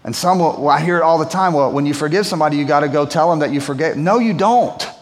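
A man's voice: a little high, fast talker. A pastor preaching a sermon to his church in a conversational, storytelling manner. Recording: long hall reverb.

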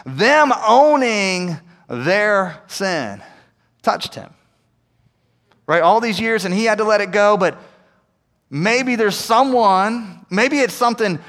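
A man with a notably high-pitched voice delivers a conversational sermon, tossing in frequent "right?" asides and swinging between hushed and emphatic stretches. He is heard in a church sanctuary with a long, lingering hall reverb. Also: lively intonation, slow, pauses often. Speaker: pastor.

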